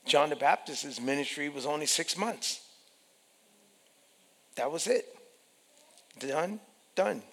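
A man preaching a sermon, emphatic and animated, repeating phrases and acting out the voices he quotes. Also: on the high side, slow, long pauses, husky. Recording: long hall reverb.

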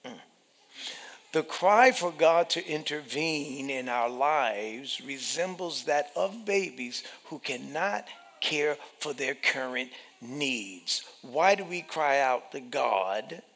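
A gravelly man preaching slowly, with deliberate pauses. His voice rings out in a church hall with long reverb, and he drops to whispers and then rises to shouts. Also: mid-range voice, lively intonation. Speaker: pastor. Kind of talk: sermon.

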